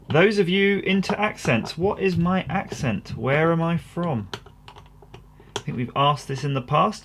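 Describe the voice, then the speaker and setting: A man's voice: a little high, gravelly, noisy background. A man hosting his own channel, assembling an electronics kit while chatting casually and poking fun at himself. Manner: rambling and self-deprecating. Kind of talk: casual workbench commentary.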